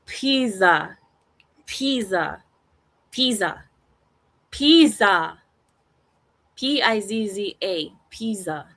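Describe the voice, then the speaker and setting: Woman live-stream host, casual and teasing, animated delivery. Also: medium pitch, takes it slowly. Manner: animated, teasing, laughs often. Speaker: livestream host.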